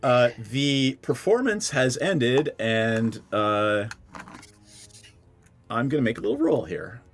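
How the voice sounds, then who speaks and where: A man's voice: mid-range voice, sing-song, slow, soft background music. A man narrating as dungeon master of a tabletop game, loose and joking.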